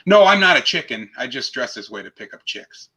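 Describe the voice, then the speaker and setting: A man doing a courteous male chicken who orders at a bar, in a bright, forceful voice. The delivery stays plain and deadpan, like a joke told aloud. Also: medium pitch, a little fast, husky, exaggerated voice. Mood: polite.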